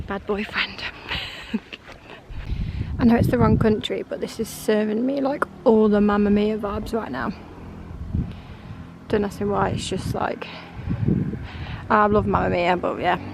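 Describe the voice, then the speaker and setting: A woman's voice: medium pitch, gravelly. A young woman, chatting casually to a handheld camera while on a coastal boat trip. She talks in a chatty, giggly way and keeps saying things are little and lovely. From England. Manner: chatty, giggly, often says "little" and "love it". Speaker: travel vlogger. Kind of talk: casual vlog narration. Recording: noisy outdoor ambience with boat sounds.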